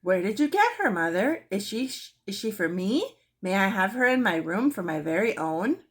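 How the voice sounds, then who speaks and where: A woman voicing an eager, excited young girl who asks and pleads. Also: mid-range voice, normal speed, breathy edge. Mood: delighted.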